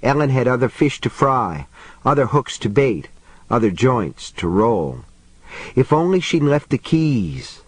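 A man narrates a novel in a low, measured audiobook delivery. His voice sits at an ordinary middle pitch. The sound is close and dry, with no room around it. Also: breathy edge, no room sound, low-quality recording. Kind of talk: scripted narration.

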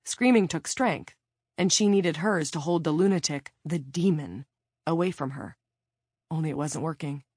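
Low-voiced woman audiobook narrator. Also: moderate pace, darkish tone, slightly rough, no room sound, studio quality. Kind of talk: scripted narration.

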